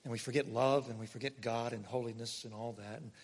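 A pastor delivering a conversational sermon, swinging between loud emphasis and soft, quiet asides. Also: male voice, medium pitch, fairly even intonation, fairly quick, slightly rough. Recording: long hall reverb.

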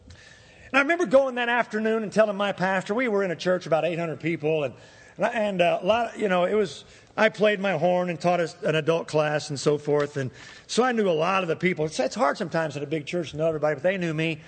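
Man, middle-aged, pastor, animated sermon storytelling, high-pitched, long hall echo. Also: a little fast. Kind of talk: sermon with personal stories.

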